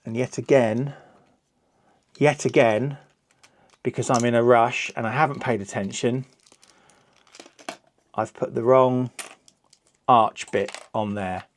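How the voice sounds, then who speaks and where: A man's voice: mid-range voice, steady tone, takes it slowly, long pauses. A middle-aged man, giving rambling, self-deprecating commentary while building a LEGO set. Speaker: LEGO reviewer host.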